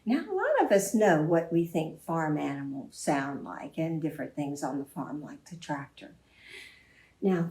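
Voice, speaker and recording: A woman librarian reading a story aloud to children in an expressive storytime manner. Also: on the low side. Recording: echoey room.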